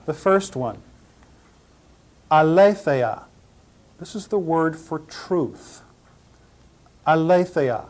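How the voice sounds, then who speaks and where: A man gives a slow, methodical pronunciation lesson in a somewhat high voice. He names each letter in turn and says every word several times so a listener can follow. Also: lively intonation, slightly rough. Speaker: Greek teacher.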